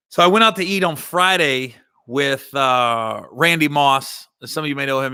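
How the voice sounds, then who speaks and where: A man's voice: mid-range voice, pushed and bright, no echo, studio quality. A man hosting a comedy podcast in casual storytelling style, rambling and correcting himself, with a slight Ohio Valley twang.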